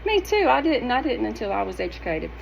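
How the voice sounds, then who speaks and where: A middle-aged woman, talking straight to her viewers in a sassy, animated, emphatic way. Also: fairly high pitch, fairly quick, vocal fry, dull audio, slight background noise. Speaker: wellness vlogger. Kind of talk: casual direct-to-camera talk.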